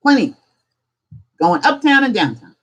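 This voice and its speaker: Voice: sits high, wildly swooping pitch, measured pace, vocal fry, a bit bright, rough recording. A host teaching casually on a live stream, talking conversationally and firing off strings of rhetorical questions. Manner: acts out little examples in different voices. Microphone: streaming setup.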